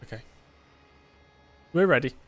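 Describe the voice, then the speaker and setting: A man's voice: a little slow, a bit bright, slight background noise. Chatty English man streaming a racing game. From England. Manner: chatty, joking, self-deprecating asides. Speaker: gaming streamer. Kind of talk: casual gameplay commentary.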